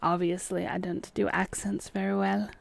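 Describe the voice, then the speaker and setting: A woman's voice: mid-range voice, little pitch movement, normal speed, gravelly. A woman hosting a livestream, chatting casually and wryly with her viewers about an old film. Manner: chatty, wry, talks back to chat. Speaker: livestream host. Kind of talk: casual chat while watching a film.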